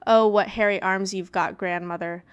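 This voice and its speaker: Woman playing a trusting little girl, polite, innocent, smooth clear voice, storybook. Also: mid-range voice, steady tone, moderate pace, muffled recording, lightly acted. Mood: wondering.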